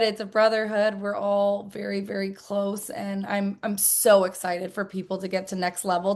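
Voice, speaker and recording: A woman interviewed as a network marketer, answering earnestly and chattily with many "like"s and "I mean"s. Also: mid-range voice.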